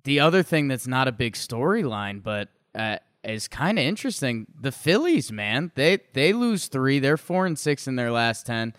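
A man co-hosting a casual baseball podcast, talking in an animated, rambling way with lots of restarts. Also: mid-range voice, normal speed, few pauses, smooth, dry recording, studio quality. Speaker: podcast co-host. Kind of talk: casual sports chat.

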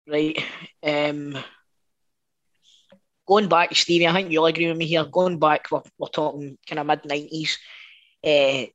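A man's voice: a little high, steady tone, measured pace, long pauses, a bit bright, lo-fi sound. A man in a casual football chat, blunt, sweary and enthusiastic. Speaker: co-host.

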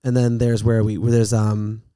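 A man's voice: on the low side, level tone, moderate pace, dark tone, clean tone, dry recording, studio quality. A playful man, a guest on a casual podcast, who laughs often and teases the other speakers. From Canada. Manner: playful, giggly, teasing.

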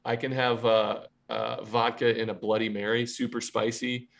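A man's voice: mid-range voice, level tone, normal speed, creaky, a bit bright. A man co-hosting a podcast in casual sports chat, easygoing and often restarting his words. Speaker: podcast co-host.

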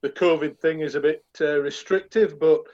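A man's voice: on the high side, fairly even intonation, normal speed, darkish tone, lo-fi sound. A retired man, chatting about football on a remote line and calling the host "mate". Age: older. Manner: chatty, says "mate" a lot, hesitant restarts. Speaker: podcast co-host. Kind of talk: casual football chat.

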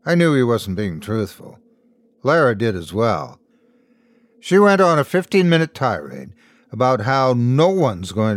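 A man narrating a scripted horror story in a measured storytelling voice, lightly voicing the characters. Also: mid-range voice, no echo. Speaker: host and narrator.

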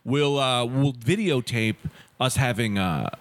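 A man hosting a casual comedy podcast, telling stories in an animated way. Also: medium pitch, measured pace, dry recording. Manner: animated storyteller, jumps into voices. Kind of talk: casual chat, storytelling.

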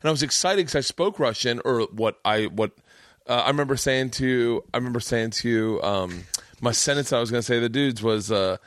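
A man's voice: medium pitch, brisk, no echo. A man hosting a podcast in casual chat, telling anecdotes with lots of swearing and putting on voices for the people in his stories. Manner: animated storyteller, swears freely, puts on voices in anecdotes. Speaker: podcast host.

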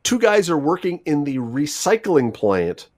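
A man's voice: a little high, very animated, measured pace, a little mellow. A man hosting a radio talk show, telling news stories in a wry, chatty way. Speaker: radio host.

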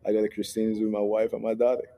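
A man's voice: on the low side, completely flat delivery, rapid-fire, warm tone. A man from Puerto Rico, a ballplayer, answering interview questions in an easygoing way, often laughing and restarting his sentences. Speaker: guest ballplayer.

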